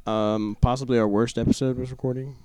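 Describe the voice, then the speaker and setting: A man's voice: medium pitch, flat delivery, brisk, crowd noise. A man hosting a casual group podcast chat, teasing and pushing the others. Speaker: podcast host. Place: conference room.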